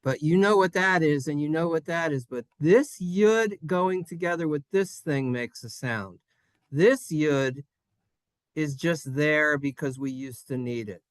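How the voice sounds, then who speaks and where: A man's voice: fairly high pitch, a little slow, clear, resonant tone, no room sound, clean studio sound. A man teaching a playful Hebrew lesson to children in a synagogue classroom, jokey and sing-song.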